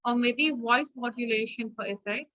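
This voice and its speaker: A woman's voice: on the high side, normal speed, fairly bright tone, dull audio. A woman teacher leading an online class, firm and instructive, often checking with "okay?", heard over a video call.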